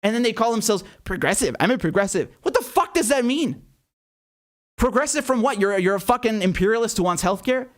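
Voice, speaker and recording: A high-voiced man, expressive and fairly quick, hosts a political commentary show. He rants angrily and profanely, often repeating himself, then sarcastically mocks the headlines.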